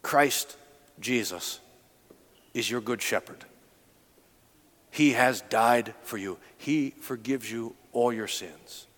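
Earnest preacher in a reverberant church. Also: male voice, medium pitch. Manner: earnest storytelling, drops to slow and soft for emphasis. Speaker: pastor. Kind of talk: sermon.

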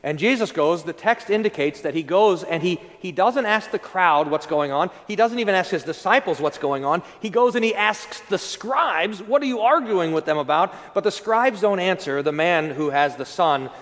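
A man preaching a sermon as pastor, telling the story with lively acted-out quotes. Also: sits high, normal speed, hardly any pauses, big-room sound. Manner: storytelling, acting out quoted voices.

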